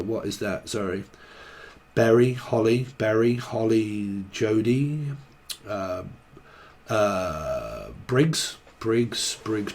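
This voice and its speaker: A man's voice: fairly low pitch, darkish tone, slight background noise. A man giving a casual, rambling tarot reading, free-associating and joking, with casual swearing. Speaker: tarot reader.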